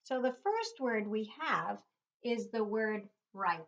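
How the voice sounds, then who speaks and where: A middle-aged woman teaches young children a phonics lesson, patiently spelling words out letter by letter. Her voice is a little high, animated, and slow, on a dull lo-fi recording.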